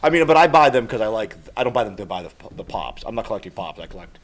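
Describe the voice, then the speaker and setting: A man's voice: on the low side, very animated, rapid-fire. A man co-hosting a casual chat, giving rambling opinions and often correcting himself. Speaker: co-host. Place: small studio.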